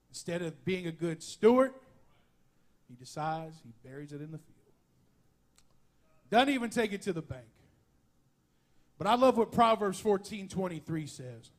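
Male pastor, high voice, folksy animated sermon with jokes and asides. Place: church sanctuary.

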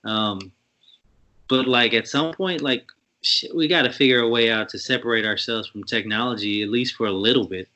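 Bright-voiced cussing podcast guy. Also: mid-range voice, normal speed. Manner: profane, joking banter. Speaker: podcast co-host. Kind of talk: casual podcast chat.

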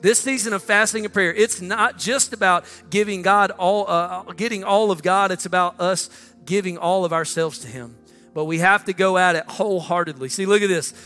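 High, bright-voiced man preaching a sermon. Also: normal speed. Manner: dynamic preaching, swinging from loud to hushed. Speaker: pastor. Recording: long reverb with faint music.

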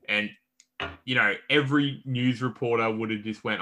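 A man's voice: medium pitch, steady tone, normal speed, bright, forceful tone. A young Australian man co-hosting a podcast, chatting casually and bluntly about sport, with a bit of swearing and lots of restarts. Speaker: podcast co-host.

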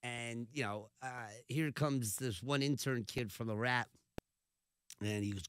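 A man telling stories in a casual chat, animated and laughing, acting out quotes along the way. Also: medium pitch, normal speed, no room sound. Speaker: radio host and podcast guest.

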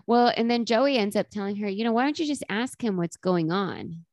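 A woman's voice: medium pitch, moderate pace, a little mellow, no echo, studio quality. A woman co-hosting a casual chat, recapping a sitcom episode and quoting the characters in little voices. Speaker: podcast co-host.

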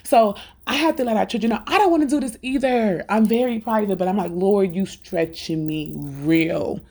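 A middle-aged woman hosting a faith podcast, telling family stories in a lively, unscripted way and acting out the voices of her family. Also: fairly high pitch, fast, breathy edge. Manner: animated storytelling, acts out family dialogue; laughs between thoughts. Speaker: podcast host.

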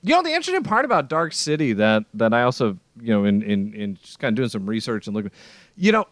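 A man co-hosting a podcast, chatting casually about films in a rambling, animated way with lots of restarts. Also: medium pitch, quick pace, dry recording. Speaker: podcast co-host. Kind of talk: casual film chat.

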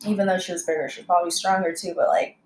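A young woman, a restaurant server, telling a story in a casual, heated, profane way, full of fillers and sudden jumps in pitch. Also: fairly even intonation, racing, gravelly. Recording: echoey room.

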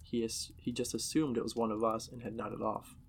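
Low creaky-voiced man telling a horror story. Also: level tone, a little fast. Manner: casual, profane storytelling.

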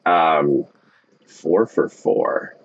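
Casual podcast co-host, man, very deep gravelly voice, husky, laid-back and profane. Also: extremely slow, dull audio. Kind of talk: casual chat.

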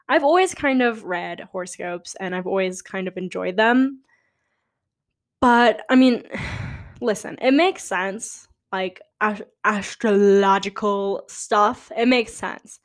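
A young woman hosts a podcast alone, chatting casually and rambling with dramatic asides. Her voice is medium in pitch and her pace is measured.

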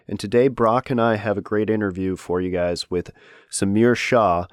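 A man's voice: fairly low pitch, fairly even intonation, normal speed, no room sound, studio quality. A man hosting a podcast, nasal and stuffed up from a cold, talking casually. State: has a cold. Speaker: podcast host.

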